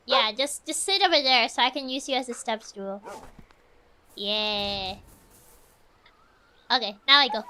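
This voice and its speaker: Woman streamer, casual game commentary, bright tense tone, talks her thoughts out loud. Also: on the high side, a little slow, pauses often, slight background noise. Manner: chatty, thinking aloud, frequent giggles. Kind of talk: casual let's-play commentary.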